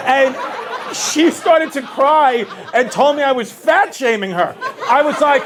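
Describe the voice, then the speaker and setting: A stand-up comedian with a very high voice, telling animated, exasperated stories on a club stage. A crowd laughs clearly behind him throughout the live set. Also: male voice, unhurried, background noise.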